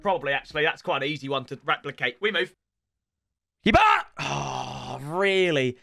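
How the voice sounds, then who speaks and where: A young man giving excitable, swear-filled commentary on his football video game, often yelling at the game. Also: on the high side, normal speed, gravelly, dry recording, clean studio sound, faint music behind. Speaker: gaming YouTuber. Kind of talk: let's-play gaming commentary.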